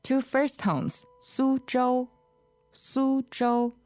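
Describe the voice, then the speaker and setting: A woman teaching a language lesson, repeating phrases slowly and patiently. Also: high voice, steady tone, a little mellow, soft background music.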